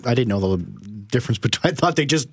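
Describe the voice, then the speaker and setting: A man co-hosting a morning radio show, halting and stammering as he makes fun of himself. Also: mid-range voice, expressive, breathy edge. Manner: halting, self-deprecating, stammers. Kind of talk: casual morning radio banter.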